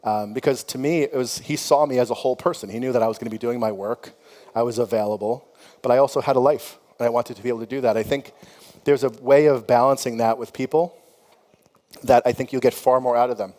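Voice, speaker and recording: Long reverb fills the conference hall as a middle-aged founder speaks on a panel, his darkish, mid-range voice steady and quick. He tells frank, chatty stories, laughing often and saying "you know" a lot.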